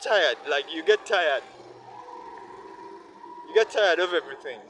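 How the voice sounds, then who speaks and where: Young man, high-pitched, worn-down and earnest; outdoor vlog with faint street noise. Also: lively intonation, measured pace, a bit bright, rough recording. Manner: heartfelt, repetitive, searching. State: weary, worn down. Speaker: vlogger. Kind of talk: emotional personal monologue.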